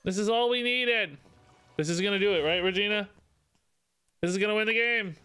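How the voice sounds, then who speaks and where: While streaming a card game live, a man chats casually and coos in baby talk between bits of game commentary. He talks fairly quickly in a smooth voice that sounds pushed and bright, bouncing along with sing-song jumps in pitch.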